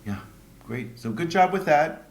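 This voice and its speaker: Animated man in his sixties, echoey room. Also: on the high side, a little slow. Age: 60s. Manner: chatty, lively, playful. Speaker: podcast host. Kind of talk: casual chat.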